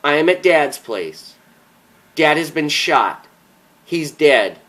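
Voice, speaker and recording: A man reading a story, voicing a grieving man who breaks hard news sternly and shouts at times. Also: a little high, expressive, slow, voice pushed up. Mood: grave. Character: grieving adult man, blunt and forceful.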